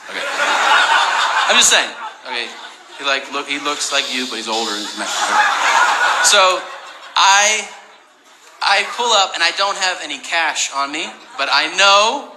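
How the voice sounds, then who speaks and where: A male stand-up comedian works a club stage and tells a story with a lot of swearing. His voice sits a little high, and it echoes around the room. Heavy noise runs under the whole recording. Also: measured pace, pauses often. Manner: profane, animated storytelling. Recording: roomy live stage recording with crowd noise.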